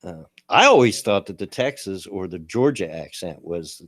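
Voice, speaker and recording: A man's voice: deep voice, expressive, normal speed, a bit bright, no room sound, studio quality. A man from Kentucky with a Kentucky accent, hosting a casual talk show and reading out chat messages in an easygoing way. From Kentucky, USA. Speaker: host.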